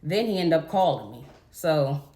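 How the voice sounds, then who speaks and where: A woman's voice: sits low, lively intonation, normal speed, warm tone. A young adult woman telling a story in a casual, blunt, profane rant to her viewers. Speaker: vlogger.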